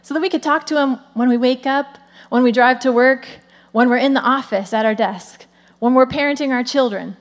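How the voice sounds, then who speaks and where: Animated woman pastor preaching. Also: sits high, normal speed. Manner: animated, conversational preaching with "come on" asides. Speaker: lead pastor. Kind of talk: sermon.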